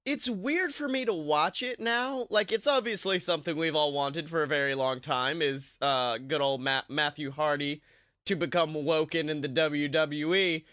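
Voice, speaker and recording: A man's voice: a little high, moderate pace, bright, forceful tone, dry recording, studio quality. A man hosting a podcast in casual, joking chat, telling stories with animation. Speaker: podcast host.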